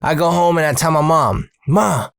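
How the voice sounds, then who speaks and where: Profane animated male storyteller. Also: fairly high pitch, brisk, smooth, dry recording. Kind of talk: casual storytelling vlog.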